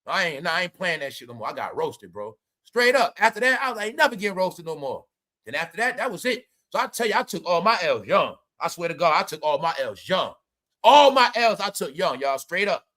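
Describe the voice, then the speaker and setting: A man hosting a livestream, talking loudly in rambling, profane commentary, often saying "y'all". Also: high voice, big pitch swings, fairly quick. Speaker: livestream host. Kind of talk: profane stream-of-talk commentary.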